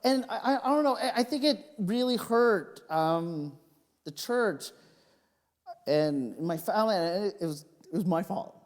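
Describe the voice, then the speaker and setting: A male pastor preaching a sermon, telling personal stories in an animated, joking way. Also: high-pitched, a little slow. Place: church sanctuary. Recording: long reverb of a church hall.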